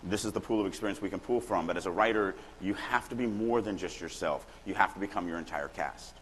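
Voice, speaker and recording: A middle-aged man from Louisiana giving a casual, animated writing workshop talk at a conference, acting out quoted lines now and then. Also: deep voice, fast. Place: conference hall. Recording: long hall reverb, faint room noise.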